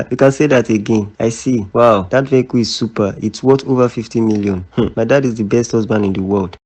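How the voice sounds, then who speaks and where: A man's voice: mid-range voice, fairly even intonation, a little fast, a little mellow, lightly acted. A man with a Nigerian accent voicing a cheeky, boastful young son in a cartoon, teasing and playful. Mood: impressed. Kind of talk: cartoon voice acting.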